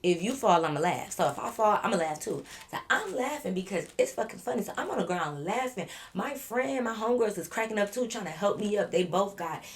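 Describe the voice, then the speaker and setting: Woman vlogger, mid-pitched, animated storyteller who laughs often and acts out quotes. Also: a little fast, hardly any pauses. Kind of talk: storytime narration.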